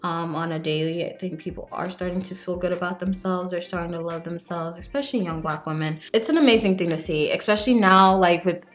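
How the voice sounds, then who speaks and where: A young woman vlogging casually as she does her makeup, telling a story in a chatty, animated way with lots of "like". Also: fairly low pitch, a little fast, hardly any pauses, faint music behind. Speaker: beauty vlogger.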